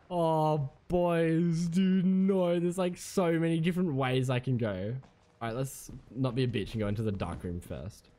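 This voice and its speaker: A man's voice: a little high, a little slow, warm tone, soft background music. A man playing a horror game, swearing constantly and breaking into panicked yelps and nervous laughter. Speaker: gamer.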